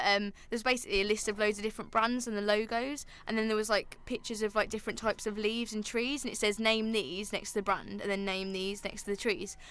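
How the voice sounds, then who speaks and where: A woman's voice: mid-range voice, a bit bright. A young woman co-hosting student radio, sharing earnest opinions in casual chat with frequent laughs.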